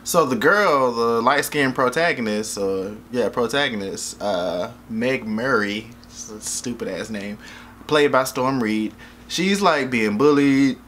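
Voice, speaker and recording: A man's voice: mid-range voice, expressive, slow, fairly bright tone, slight background noise. A man casually reviewing a movie in a rambling, jokey, profane way, often losing track of names.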